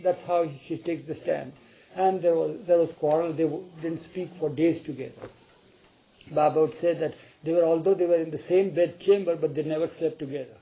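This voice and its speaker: A man's voice: fairly high pitch, normal speed, creaky, highs cut off. A man retelling a spiritual story to an audience, acting out the dialogue and asking listeners questions as he goes. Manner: animated, acts out the dialogue, asks the audience questions.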